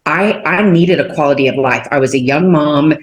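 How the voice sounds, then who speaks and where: A woman in her forties from Texas, telling a personal faith testimony as an animated storyteller who leans on fillers. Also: deep voice, fairly quick. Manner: animated storyteller, many fillers, acts out quotes. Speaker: guest. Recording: roomy echo.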